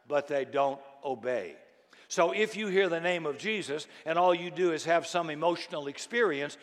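A male pastor preaching a sermon, swinging from quiet, low asides to loud, shouted declarations. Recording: long hall reverb.

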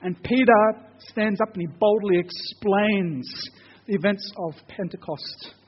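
A man's voice: high voice, a little slow, husky, big-room sound, highs cut off. A man preaching a sermon, telling a personal story in an earnest, conversational way before leading a prayer.

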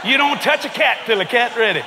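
A man preaching a comedic sermon, exuberant and shouting, laughing as he acts out little scenes. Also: extremely high pitch, a little fast, background noise. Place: large church auditorium. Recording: echoey church hall, live crowd.

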